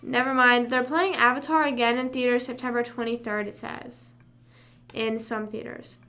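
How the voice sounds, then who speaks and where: Bright-voiced young woman chatting on stream. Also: a little high, steady tone, moderate pace. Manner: chatty, rambling, hums to herself. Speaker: livestream host. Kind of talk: casual live chat.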